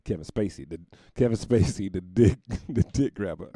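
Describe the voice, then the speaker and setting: A man's voice: sits low, normal speed, mellow, no echo, clean studio sound. A man going on a rambling, profane comedic rant, often laughing at his own jokes.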